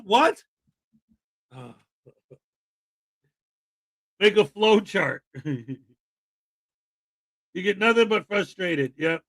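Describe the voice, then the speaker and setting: A man's voice: high voice, sharp tone, no echo. A man hosting a casual live stream, joking sarcastically and chuckling as he comments. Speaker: streamer host.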